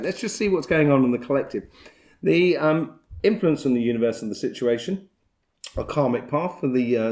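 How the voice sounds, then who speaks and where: Brief: male tarot reader, warm mellow tone, rambling and chatty delivery. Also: mid-range voice. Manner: rambling and chatty, with soft laughs. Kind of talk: casual tarot reading monologue.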